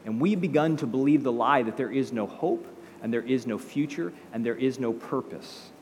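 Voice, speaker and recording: A man's voice: medium pitch, normal speed, darkish tone, long reverb tail, slight background noise. A male pastor preaching a sermon in a conversational way, with rhetorical questions and acted-out quotes.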